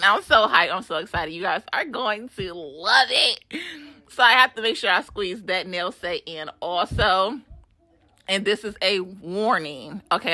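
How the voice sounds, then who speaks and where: Chatty bright-voiced woman, dry sound. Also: medium pitch, no echo. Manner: chatty, animated, laughing, swearing casually. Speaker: nail art creator. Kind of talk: casual vlog voiceover. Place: home game room.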